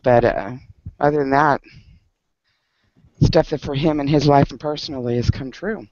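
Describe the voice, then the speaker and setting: A man's voice: medium pitch, normal speed, no room sound. A man at a book club meeting, telling a story in casual group talk and laughing often. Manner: animated storyteller, laughs often, many fillers. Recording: dull lo-fi sound.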